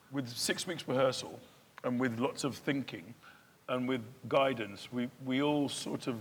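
A man's voice: medium pitch, slight background noise. A middle-aged man, a comedian and actor, chatting casually on stage at a live theatre event and sometimes breaking into playful recitation.

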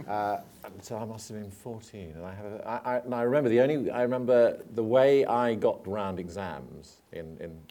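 A man's voice: on the low side, mellow. A man, an actor, telling anecdotes on a stage panel in a chatty, self-mocking way with stumbling restarts. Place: theatre stage before an audience.

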